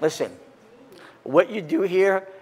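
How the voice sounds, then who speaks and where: Speaking slowly in a high voice, a pastor delivers an impassioned sermon. He grows excited and loud at the peaks, then reads scripture quietly.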